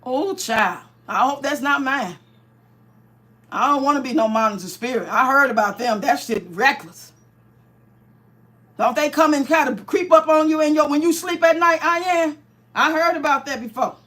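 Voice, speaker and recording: Chatty woman on a livestream, high voice, laughs a lot, cooking and reading comments. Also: moderate pace, a bit bright. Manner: chatty, laughs often, reads out viewer comments. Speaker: livestream host. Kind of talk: casual livestream chat while cooking.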